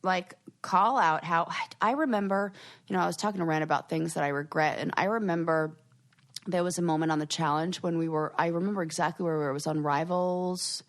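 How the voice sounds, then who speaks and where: A woman co-hosting a podcast in casual chat, talking in an animated, worked-up way and acting out her own retorts. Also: lowish voice, fairly quick. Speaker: podcast co-host.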